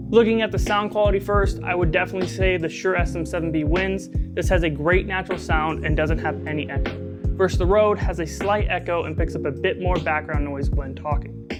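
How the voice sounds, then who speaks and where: A man giving a casual tech review, explaining his setup in an upbeat way. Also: high voice.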